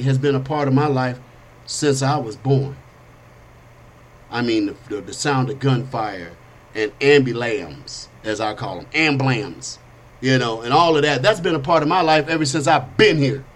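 A middle-aged man hosting a talk show, telling personal stories in an animated, streetwise way with casual slang. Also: a little high. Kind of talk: storytelling monologue.

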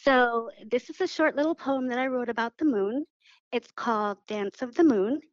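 Animated woman poet on lo-fi radio. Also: fairly high pitch, normal speed, no echo. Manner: animated storytelling, laughs while talking. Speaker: poet and author guest. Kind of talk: radio interview.

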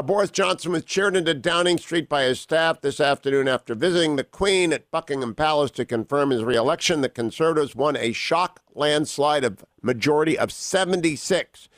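A man hosting a radio interview, delivering with theatrical emphasis and slowing to stress words. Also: on the high side, a bit bright, dry recording. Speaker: radio talk show host.

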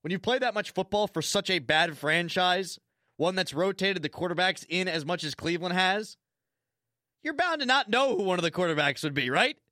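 A man's voice: high voice, expressive, moderate pace, sharp tone, dry recording, studio quality. A man hosting a sports talk radio show, ranting and sarcastic, repeating lines for emphasis.

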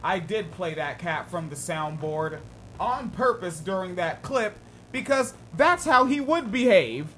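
A man's voice: sits high, big pitch swings, unhurried, bright, forceful tone, slight background noise. A man co-hosting a casual political chat podcast, joking and laughing often in loose slangy talk. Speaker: podcast co-host.

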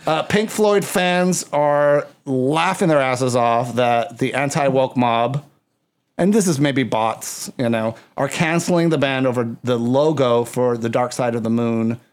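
A man co-hosting a podcast in casual chat, telling animated stories and acting out quotes. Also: medium pitch, unhurried, clear, resonant tone. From United States. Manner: animated storyteller, acts out quotes. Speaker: podcast co-host.

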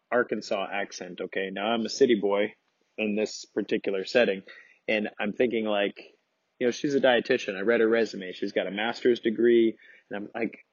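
A man's voice: on the low side, moderate pace, husky, no room sound, dull audio. A man hosting a podcast, casually teaching a Bible study with rambling asides and many restarts.

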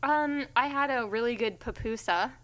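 A woman's voice: a little high, normal speed, fairly bright tone. A woman co-hosting a podcast, teasing her co-host and telling a wry story in casual chat, swearing offhandedly. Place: lives in Los Angeles.

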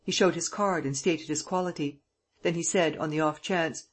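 An audiobook reader narrating a novel in a steady, even storytelling manner. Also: medium pitch, normal speed, slightly rough.

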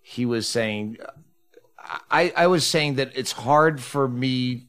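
A man's voice: mid-range voice, slow, a bit bright, smooth. A man hosting a podcast in casual chat at home, blunt and profane. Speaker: podcast host.

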